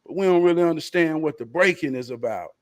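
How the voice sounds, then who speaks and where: A middle-aged man hosts a talk show with a notably high-pitched voice. He talks in a passionate, sermon-like way and swears freely. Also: fast talker. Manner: impassioned, preacherly, profane. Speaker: host. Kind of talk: casual talk-show conversation.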